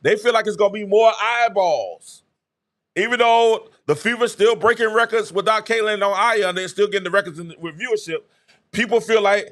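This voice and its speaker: A man hosting a live sports talk show, excitable and chatty, breaking into laughter and acting out conversations as he talks. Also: sits high, brisk. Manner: excitable, laughs mid-sentence, acts out quoted exchanges. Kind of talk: animated live sports commentary.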